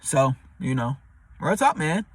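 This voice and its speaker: A man giving relationship advice in a casual, slangy monologue, repeating himself and now and then putting on high voices for people he quotes. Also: very animated, a little slow, husky, dry recording. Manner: slangy, repetitive, street-talk delivery. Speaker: advice vlogger.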